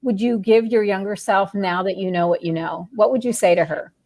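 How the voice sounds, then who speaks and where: A woman hosting a podcast, asking open questions in a relaxed conversational way and giving frequent affirming murmurs. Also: medium pitch, a little fast. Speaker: podcast host. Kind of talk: casual interview conversation.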